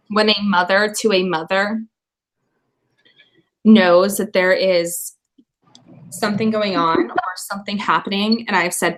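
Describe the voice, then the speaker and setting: A woman's voice: mid-range voice, fairly bright tone, slight background noise, poor audio. A woman hosting a livestream, talking in an upset, profane, apologetic way. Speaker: stream host. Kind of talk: emotional livestream talk.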